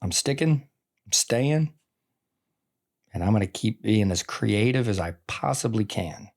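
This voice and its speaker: A man in his forties, a veteran teacher, talking in an earnest, rambling way full of "like" and "I mean" in a casual conversation. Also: on the low side. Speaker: teacher and podcast guest.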